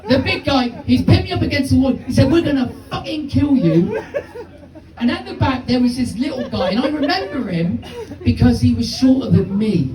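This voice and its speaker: A man's voice: very high-pitched, expressive, a little fast, crowd noise. A man, doing live stand-up with rambling, profane storytelling. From United Kingdom. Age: 50s. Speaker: stand-up comedian. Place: small comedy venue with audience. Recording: distant, echoey live room.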